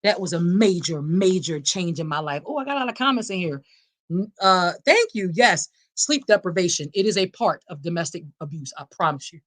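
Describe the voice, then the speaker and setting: A woman's voice: lowish voice, brisk, a bit bright. A woman hosting a live podcast speaks. She delivers each point with firm, preacher-like emphasis, talking straight to her audience and answering their comments as they come in. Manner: emphatic and preacherly, addressing listeners as y'all and reading live comments. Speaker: podcast host. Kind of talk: live-streamed advocacy talk.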